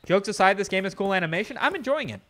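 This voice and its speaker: A man's voice: sits high, lively intonation, very fast, a bit bright. A man streaming a game, joking and bragging to his chat as he plays. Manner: jokey boastful banter with chat. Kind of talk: let's play commentary.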